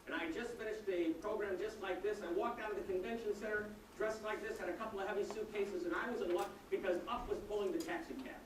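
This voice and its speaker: Animated male keynote speaker, high pitch, echoey distant room recording. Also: fast, hardly any pauses. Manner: animated, humorous storyteller. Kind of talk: storytelling customer service speech. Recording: echoey room, distant mic, faint noise.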